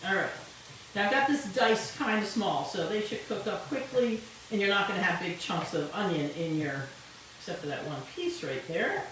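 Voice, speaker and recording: A woman's voice: medium pitch, expressive, moderate pace, a bit bright, slight background noise. Chatty woman cooking in an echoey kitchen. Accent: Italian-tinged English. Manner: chatty, rambling, explains as she cooks. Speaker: home cooking show host. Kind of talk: casual cooking demonstration. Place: home kitchen. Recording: very echoey kitchen, distant mic.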